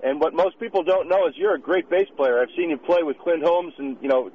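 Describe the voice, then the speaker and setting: Talkative male caller on a radio show, giggles often, high-pitched, dull broadcast sound. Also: brisk, a little hiss or hum. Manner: chatty, giggly, rambling.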